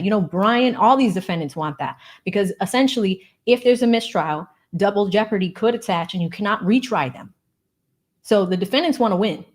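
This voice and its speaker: A woman's voice: on the low side, breathy edge. Bubbly woman hosting a legal livestream. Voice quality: animated, bubbly, laughs often. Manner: thanks supporters warmly, explains legal points. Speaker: legal commentary livestream host. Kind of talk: casual livestream chat, reading donations.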